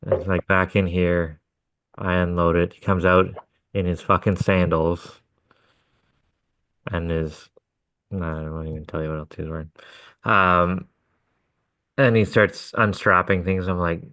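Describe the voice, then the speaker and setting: A man's voice: deep voice, level tone, measured pace, long pauses, fairly bright tone, no room sound. A man co-hosting a podcast, casually telling a work story and swearing as he acts out what people said. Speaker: podcast co-host.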